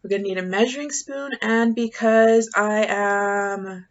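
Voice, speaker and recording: A woman's voice: medium pitch, steady tone, normal speed, hardly any pauses, dull audio. A woman casually walking through a home coffee recipe in her kitchen, with playful, self-mocking jokes. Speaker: home cooking vlogger.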